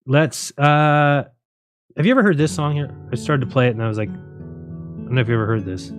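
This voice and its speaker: A man's voice: mid-range voice, fairly quick, over music. A man hosting a casual livestream, rambling and joking, often laughing at his own jokes. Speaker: livestream host.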